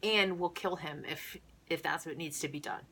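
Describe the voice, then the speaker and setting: A woman in her thirties telling a story casually to camera, animated and rambling, laughing often. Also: sits low, normal speed, creaky, slight background noise.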